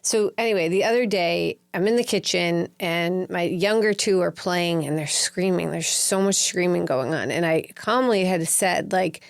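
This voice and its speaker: Woman, podcast guest, lower voice, dry mic, swears freely, lively storytelling. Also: normal speed, creaky, few pauses, dry recording. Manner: candid, profane storytelling with acted quotes. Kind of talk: casual chat.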